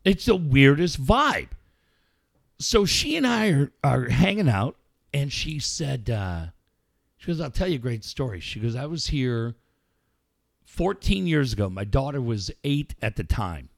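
A man in casual chat, telling a profane, animated story to a friend. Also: medium pitch, unhurried, gravelly, no echo, studio quality. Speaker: podcast co-host telling a story.

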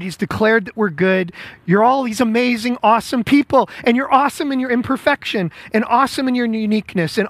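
Male pastor, high voice, loose conversational sermon, dry close recording. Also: a bit bright, no echo. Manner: conversational, rambling, self-deprecating asides. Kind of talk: casual sermon.

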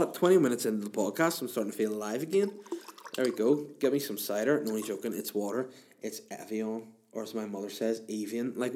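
A man's voice: fairly low pitch, mellow. A man in his thirties, hosting a podcast alone in a room, telling a rambling comic story. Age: 30s. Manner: rambling, jokey, self-interrupting. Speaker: podcast host. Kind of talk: casual comedic monologue. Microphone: podcast microphone.

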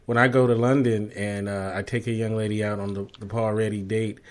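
A man hosting a casual interview, laughing often and talking in relaxed slang. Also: on the low side, a little fast. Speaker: interviewer host.

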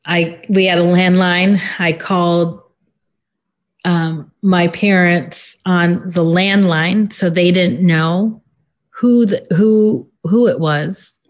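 A woman in an interview who gives a personal account in a halting, subdued way, with many pauses and fillers. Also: lowish voice, fairly even intonation. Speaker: interview guest.

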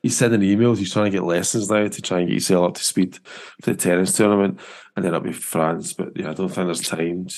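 A man's voice: deep voice, steady tone, fast talker, darkish tone. A man hosting a casual football podcast, rambling and chatty with frequent restarts. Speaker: podcast host.

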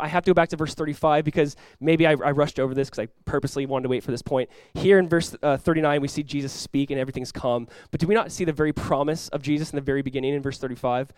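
A male pastor delivers a lively sermon, jumping into acted-out lines and loud exclamations. His voice sits a bit high for a man. The sound is dry and close, with no room echo. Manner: animated preaching, acting out dialogue with sudden loud outbursts.

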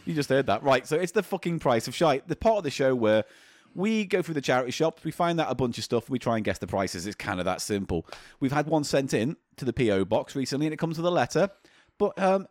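A British co-host talking in loose, sweary banter, his pitch rising and falling a lot. His voice sits a bit above average for a man, and the recording is dry and close, with no room sound. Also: very animated, brisk, hardly any pauses, darkish tone, no echo. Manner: exasperated, swears often. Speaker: podcast co-host.

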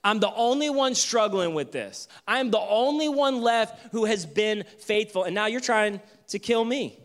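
A preacher putting on an exasperated prophet. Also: male voice, sits high, expressive, measured pace, fairly bright tone, voice pushed up. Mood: aggrieved. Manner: exasperated, pleading, raised voice. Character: weary, complaining male prophet.

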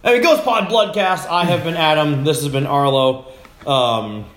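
A man hosting a podcast who rambles through his stories and swears freely. His voice sits a little high for a man. The room gives it a roomy echo. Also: moderate pace, a bit bright. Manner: rambling, profane storytelling. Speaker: podcast host. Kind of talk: casual chat.

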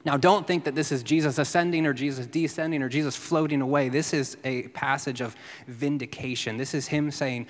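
A man's voice: medium pitch, a little fast. Man preaching in a reverberant church hall. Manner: teaching, lively, drops to a hush for quotes. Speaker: pastor. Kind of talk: sermon.

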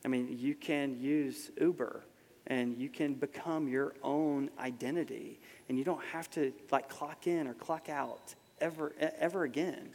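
Conversational pastor preaching in a reverberant hall. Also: male voice, mid-range voice, a little slow, a little mellow. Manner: conversational, asks the audience rhetorical questions. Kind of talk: sermon. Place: large hall with a live congregation.

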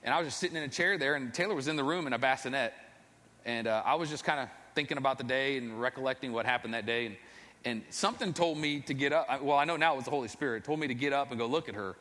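A man's voice: mid-range voice, fast, bright, forceful tone. A man, a father, telling his faith testimony in an earnest, rambling, self-deprecating storytelling way. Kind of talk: personal storytelling. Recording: long reverb, echoey hall.

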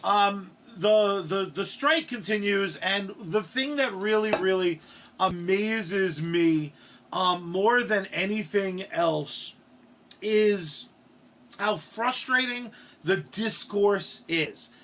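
A man with a high voice cohosts a casual comedy podcast, drifting between crude jokes and hesitant, rambling points. His talk is full of ums and restarts. A faint hum of noise runs behind him. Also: slow, a bit bright. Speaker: podcast co-host.

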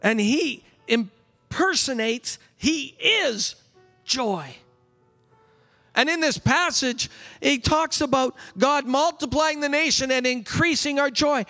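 A male pastor with a strikingly high, bright and forceful voice preaches with exuberance and bursts into yelling at times. He speaks at an unhurried pace and leads the congregation in call-and-response. His voice rings with the long reverb of a church hall. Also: faint music behind. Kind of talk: sermon. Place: church sanctuary.

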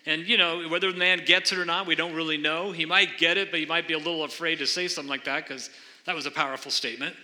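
A man's voice: a little high, steady tone, fast, sharp tone. A man preaching a sermon as pastor, earnestly explaining scripture and questioning his congregation in a church sanctuary. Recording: long hall reverb.

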